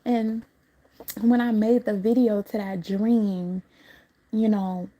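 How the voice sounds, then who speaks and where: A woman's voice: medium pitch, little pitch movement, slow pace, warm tone. A woman hosting a livestream, recounting a dream in a casual, rambling way, laughing often and swearing freely.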